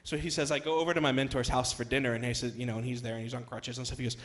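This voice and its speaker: A young man preaching to a church congregation as youth pastor. His voice sits at an ordinary middle pitch, and he tells stories casually, full of ums and restarts. At times he swells into loud, emphatic declarations. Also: level tone, very fast. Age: young adult. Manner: conversational, many fillers, rises to loud emphatic passages. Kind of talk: sermon with storytelling.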